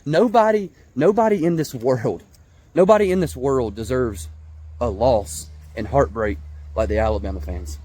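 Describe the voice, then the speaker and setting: A man's voice: medium pitch, moderate pace, warm tone. A man, ranting casually to camera about rival football fans, stammering and restarting often. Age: 20s. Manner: heated, repetitive, stammering restarts, mocking put-on voices. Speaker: vlogger, Georgia football fan.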